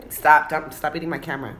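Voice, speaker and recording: A woman's voice: deep voice, vocal fry. A woman coaxing her pet bird at home in a cooing baby-talk voice, with casual swearing, in a noisy home recording. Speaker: pet video host.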